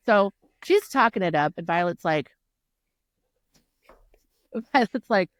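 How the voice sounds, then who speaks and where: A woman co-hosting a podcast, casually recapping a novel with animated retelling and frequent laughter. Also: lowish voice, moderate pace, pauses often, no room sound, studio quality. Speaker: podcast co-host. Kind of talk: casual book chat.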